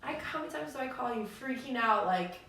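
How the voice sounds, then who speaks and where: A woman with a fairly high voice tells stories in an animated way, acting out what others said. She is a coach co-hosting a relaxed conversation. The sound is roomy and very echoey, from a mic set well back, with faint noise. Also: a little fast, gravelly, distant mic. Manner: animated storyteller, acts out quotes. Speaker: podcast co-host and coach. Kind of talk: casual conversation.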